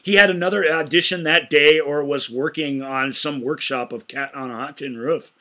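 A man's voice: on the high side, moderate pace, sharp tone. A man co-hosting a casual film podcast, retelling scenes with enthusiasm and frequent stammered restarts. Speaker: podcast co-host.

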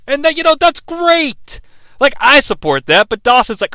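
A man's voice: high voice, very animated, brisk, sharp tone, clean tone, no room sound. An American man co-hosting a podcast, recapping a TV episode in a profane, joking way and dropping into mocking voices. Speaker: podcast co-host. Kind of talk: casual comedic episode recap.

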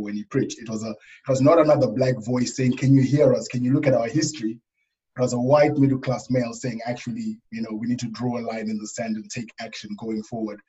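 Middle-aged guy from africa, talks slow and careful, lots of ums, kinda muffled lo-fi audio. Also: mid-range voice, dark tone. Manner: thoughtful, hesitant with fillers. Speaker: panel guest. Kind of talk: casual discussion.

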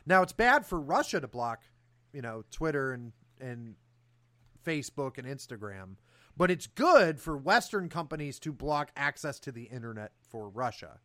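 A man hosting a political talk show, talking in an animated, sarcastic way with fillers and restarts. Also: mid-range voice, normal speed. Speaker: podcast host.

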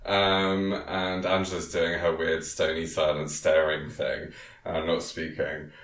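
This is a low, deep-voiced man chatting casually in a roomy, echoey space. His tone is bright and forward, and he rambles along with lots of ums and laughter. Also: little pitch movement, slow. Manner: rambling, many ums, laughs often, quotes characters in silly voices. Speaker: podcast co-host recapping a film. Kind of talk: casual chat.

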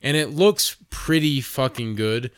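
A man's voice: mid-range voice, unhurried, clear, resonant tone, no room sound, clean studio sound. A man co-hosting a casual movie review podcast, swearing freely and laughing at a bad film. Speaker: podcast co-host.

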